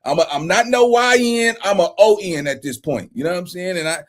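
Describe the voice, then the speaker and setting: A man's voice: high-pitched, lively intonation, a little fast. A man in his forties hosting a casual reaction commentary, profane and laughing often. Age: 40s. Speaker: commentary channel host.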